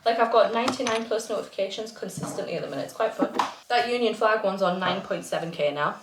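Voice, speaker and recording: A woman's voice: mid-range voice, lively intonation, fast, very noisy. A young woman with a Northumbrian accent, chatting casually to camera and laughing often as she talks. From Northumberland, England. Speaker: vlogger. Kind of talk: casual chat. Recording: roomy echoey room.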